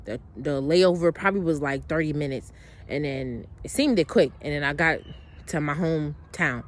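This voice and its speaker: Speaking at a moderate pace in a low-pitched voice, a woman shares a long personal story. It's a casual monologue, blunt and emotional, with plenty of swearing, rambling, restarts, and asides.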